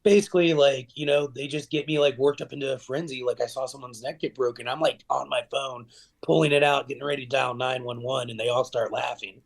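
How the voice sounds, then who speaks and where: A man with a gravelly, fry-touched voice, talking casually as a podcast guest. He rambles through stories with plenty of "like" and "you know," and gets lively when he acts out old memories. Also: medium pitch, brisk. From Middle Tennessee. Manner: rambling, filler-heavy, animated when retelling stories. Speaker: guest, professional wrestler.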